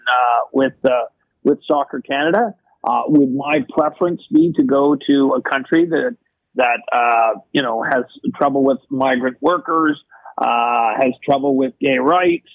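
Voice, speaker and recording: A man's voice: medium pitch, creaky, no echo. A man speaking as a guest on a radio show, giving frank, plain-spoken answers. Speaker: guest, soccer board member. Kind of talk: radio interview. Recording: phone line.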